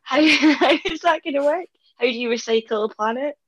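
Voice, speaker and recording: A woman's voice: sits high, brisk. Giggly young woman. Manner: giggly, asks questions, interrupts. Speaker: podcast co-host. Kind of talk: casual chat.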